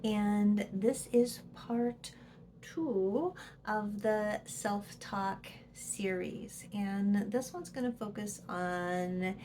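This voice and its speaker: Speaking at a medium pitch against background noise, a woman presenter and psychologist delivers an informal educational talk to camera. She illustrates points with examples and lowers to a whisper for the inner voice.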